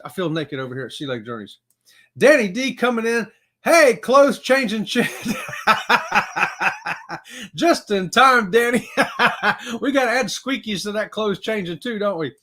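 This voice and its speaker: A man's voice: sits high, a bit bright. A man hosting a casual livestream from his home office, upbeat and chatty, greeting viewers and whooping now and then. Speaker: livestream host.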